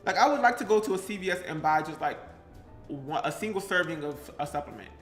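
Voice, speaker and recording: A man's voice: a little high, lively intonation, quick pace, soft background music. Chatty man rambling in a roomy kitchen. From Pleasantville, New Jersey. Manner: chatty, rambling, breaks into song snippets. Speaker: vlogger. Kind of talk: casual live-stream chat while baking. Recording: roomy echo.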